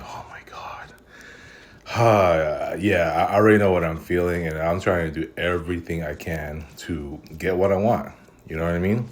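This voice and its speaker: A man talking casually in a vlog, weary and rambling, with many fillers and restarts, and eating between sentences. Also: a bass voice. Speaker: vlogger.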